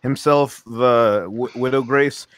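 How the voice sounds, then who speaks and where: A man's voice: medium pitch, steady tone, takes it slowly, a bit bright. A man playing a tabletop game, joking and chatty. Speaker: player.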